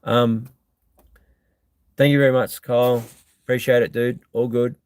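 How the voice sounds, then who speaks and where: A man's voice: medium pitch, little pitch movement, measured pace, clear, resonant tone, no room sound. An Australian man hosting a live stream, chatting casually and bluntly as he reads out and answers viewer comments, with lots of ums.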